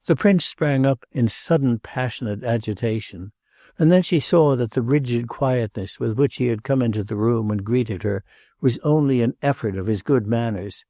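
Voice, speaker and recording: Male audiobook reader, gravelly and mellow, close dry mic. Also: medium pitch, moderate pace, no echo. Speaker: audiobook narrator. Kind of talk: scripted narration.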